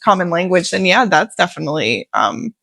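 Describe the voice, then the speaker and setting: Interview host, woman, eager but halting, plenty of ums, dry close sound. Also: on the low side, sing-song, creaky, a bit bright, no room sound, rough recording. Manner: enthusiastic, hesitant with many "um" fillers. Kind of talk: casual interview chat.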